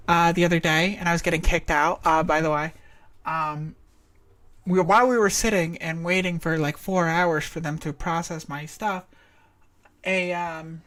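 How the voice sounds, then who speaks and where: A woman streaming a visual novel, chatting casually and rambling through side stories with many fillers. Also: fairly low pitch. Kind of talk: casual let's-play commentary.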